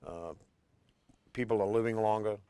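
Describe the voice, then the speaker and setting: Very deep-voiced man. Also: warm tone, smooth. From Revere, Massachusetts. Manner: halting, many fillers. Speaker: housing board chair. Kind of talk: TV interview.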